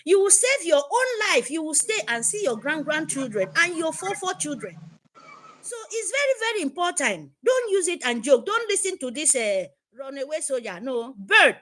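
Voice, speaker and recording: A woman's voice: high-pitched, very animated, normal speed, fairly bright tone. A woman with a Nigerian accent, giving an impassioned, repetitive address to her supporters. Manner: fervent, emphatic, repetitive. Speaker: activist speaker.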